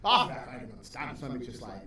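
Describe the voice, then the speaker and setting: A man, a stand-up comedian chatting as a podcast guest, rambling and sweary, quick to laugh. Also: medium pitch, a crowd in the background. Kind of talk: casual podcast chat. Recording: roomy echo, faint background hum.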